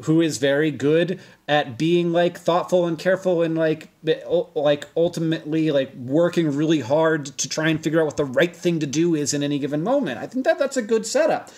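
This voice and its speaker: A man in his thirties hosting a casual explainer video, talking in a rambling, self-correcting way with sudden emphatic jumps in pitch. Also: fairly quick, hardly any pauses, a little mellow. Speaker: video host.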